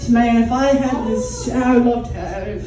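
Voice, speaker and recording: A woman plays a gushing, rambling fan whose put-on accent keeps drifting. She sounds loud and eager, recorded from a distant mic in an echoey room. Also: a little high, slow pace, noisy background, voice pushed up. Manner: rambling, giggly, loses her accent.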